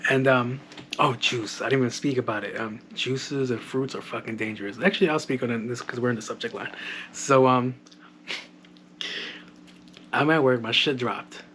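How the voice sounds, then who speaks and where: A man's voice: mid-range voice, moderate pace, long pauses, fairly bright tone, slight background noise. Young man telling swear-laden stories. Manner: profane, joking, laughs at his own stories. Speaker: podcast host. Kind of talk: casual storytelling monologue.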